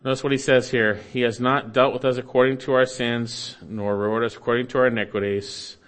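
A man preaching a sermon, explaining scripture verse by verse and swinging between emphatic rises and quiet low endings. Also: fairly even intonation, a little fast. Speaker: pastor.

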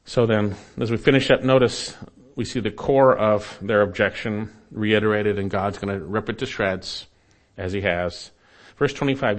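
A man preaching an expository sermon, earnest and exhorting, speaking straight to the listener as a friend and swinging between emphatic and hushed lines. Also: medium pitch, normal speed. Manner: addresses the listener directly as "my friend".

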